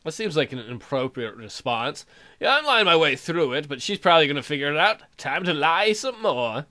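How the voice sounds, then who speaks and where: A man giving casual let's-play commentary, with swearing banter and sudden loud exclamations. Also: on the high side, very animated, a little fast.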